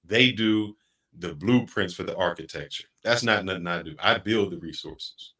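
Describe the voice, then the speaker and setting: Earnest, deep-voiced middle-aged man. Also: bright, forceful tone. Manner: reflective, earnest, slows down to stress points. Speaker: podcast host. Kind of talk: casual podcast chat.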